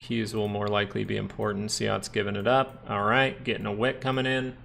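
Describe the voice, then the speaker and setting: A man's voice: on the low side, level tone, a little fast, gravelly, fairly bright tone, a little hiss or hum. A man hosting a live stock market stream, chatting casually as he explains charts and answers viewers, often adding "right?". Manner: chatty, explains while reading viewer chat; frequent tag questions like "right?". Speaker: stock market livestream host.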